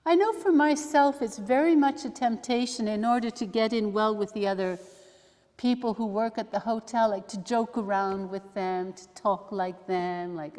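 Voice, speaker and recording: A woman, a religious sister, leading a study day, talking slowly and thoughtfully with soft asides as she reads aloud. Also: on the high side. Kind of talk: reflective teaching talk with readings. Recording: long hall reverb.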